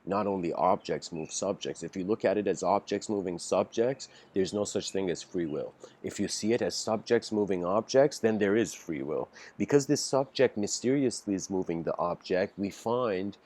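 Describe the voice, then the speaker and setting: A man giving an improvised philosophical lecture, halting and musing with frequent restarts. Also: low voice, darkish tone.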